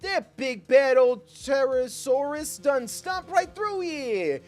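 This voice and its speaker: A man's voice: very high-pitched, animated, soft background music, pitched above the performer's own voice, full character voice. A man putting on a hollering Texan reporter. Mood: excited. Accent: put-on Texan drawl. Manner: hollering, drawn-out southern speech. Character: brash Texan tabloid reporter, loud, excitable.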